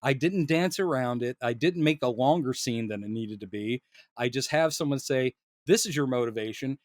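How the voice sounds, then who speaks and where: A man co-hosting a casual film discussion podcast, animated and quick to act out lines he quotes, laughing often. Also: medium pitch, dry recording, studio quality. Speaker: podcast co-host.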